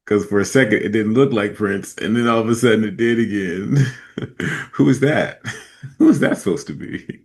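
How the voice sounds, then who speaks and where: A man's voice: on the low side, moderate pace, vocal fry. A man hosting a podcast, giving casual commentary with laid-back, chuckling asides. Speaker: podcast host.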